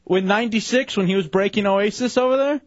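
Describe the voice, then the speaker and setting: A man's voice: sits high, quick pace, no room sound. A man hosting a radio show, joking with callers in casual banter. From Chicano American. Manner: joking, takes calls. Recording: dull lo-fi broadcast.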